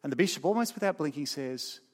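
A man preaching a sermon, telling stories with emphatic swings from loud to soft. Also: on the high side, lively intonation, fast talker. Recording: long hall reverb.

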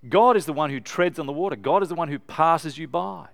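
A man preaching an animated, emphatic sermon to a live congregation in a church. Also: fairly high pitch, fairly quick, creaky.

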